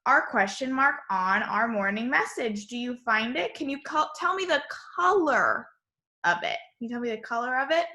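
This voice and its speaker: A woman teacher giving an online lesson to young children, speaking in a slow, sing-song, encouraging way on a computer mic. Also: a little high, lively intonation, bright, forceful tone.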